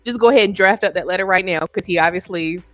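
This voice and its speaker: A woman co-hosting a casual wrestling podcast, talking in a lively, playful way. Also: on the low side, quick pace, no room sound. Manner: lively, playful, laughs often. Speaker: podcast co-host.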